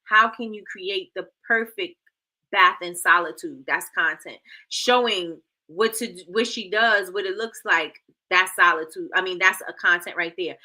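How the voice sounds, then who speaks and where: A woman's voice: on the low side, normal speed, pushed and bright. A woman hosting a casual livestream, playfully quizzing her chat and repeating herself, calling them y'all. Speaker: livestream host.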